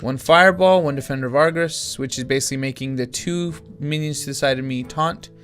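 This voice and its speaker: A tired-sounding man talks through a card game as he plays, rambling and restarting his sentences. His voice sits at an ordinary middle pitch. Faint guitar music plays quietly under his talk. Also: a little fast. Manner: rambling, thinking aloud with many restarts. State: yawning, tired. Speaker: gaming channel host. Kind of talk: casual gameplay commentary.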